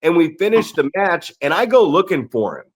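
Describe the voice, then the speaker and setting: A man's voice: a little high, big pitch swings, a little fast. A middle-aged man, a veteran wrestler hosting a podcast, telling profane stories and asking his guest questions. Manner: profane, storytelling, asks questions. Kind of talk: casual podcast chat.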